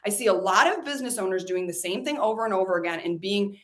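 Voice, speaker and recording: A woman's voice: mid-range voice, fast talker, a bit bright. A woman business coach giving a motivational talk, emphatic and blunt, with frequent fillers and swearing. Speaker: business coach and podcast host.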